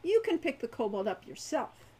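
A man's voice: very high-pitched, sing-song, normal speed, dark tone, husky, full character voice. A woman reading aloud and voicing a brash, impatient young man who talks bluntly and irritably. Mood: curt.

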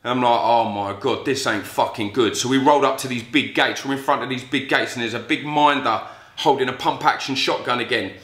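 A man tells a story in a blunt, foul-mouthed way. His voice is bright and forceful, and the room around him sounds echoey. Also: mid-range voice, steady tone, quick pace. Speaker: vlogger. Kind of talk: storytelling vlog. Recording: roomy echo.

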